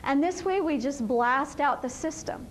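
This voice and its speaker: A woman's voice: sits high, a little slow, a little hiss or hum, low-quality recording. A woman practitioner teaching in an earnest, emphatic way, repeating her key points. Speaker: EFT practitioner teaching a session. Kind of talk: informal teaching talk.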